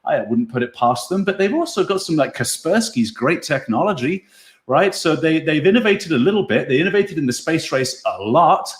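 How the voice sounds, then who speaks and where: A man's voice: on the high side, lively intonation, normal speed, roomy sound. A man hosting a casual online show, musing over viewer comments in an easygoing way and chuckling often. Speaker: podcast host.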